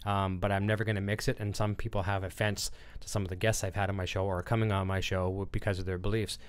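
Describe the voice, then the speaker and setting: A man's voice: sits low, little pitch movement, quick pace, clean tone. Rambling man hosting a livestream. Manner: rambling, reads chat comments aloud, frequent fillers. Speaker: livestream host. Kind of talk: casual livestream chat.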